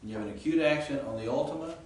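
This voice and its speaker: A man's voice: a little high, very fast, a little hiss or hum. A man teaching a Greek grammar class, explaining rules and asking his students questions, with frequent fillers. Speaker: Greek instructor. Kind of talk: classroom lecture. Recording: echoey classroom, distant mic.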